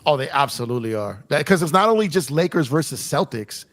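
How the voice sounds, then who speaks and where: A man's voice: on the high side, expressive, quick pace. A man hosting a casual sports podcast, rambling with repeated words, frequent swearing and laughter. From United States. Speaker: podcast host.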